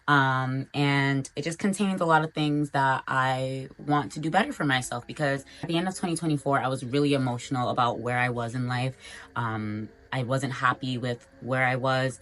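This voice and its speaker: A woman's voice: extremely low pitch, a bit bright. A young adult woman talking to her viewers in a casual, earnest, encouraging vlog about self-improvement. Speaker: vlogger. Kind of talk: motivational vlog talk.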